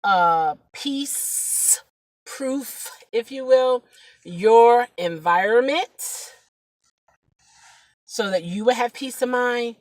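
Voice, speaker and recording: A woman's voice: a little high, lively intonation, extremely slow, long pauses, a little mellow, no echo. A woman who drives rideshare, talking to the camera in a chatty, preachy way, rambling with fillers and sometimes dropping to a whisper. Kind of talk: casual vlog talk.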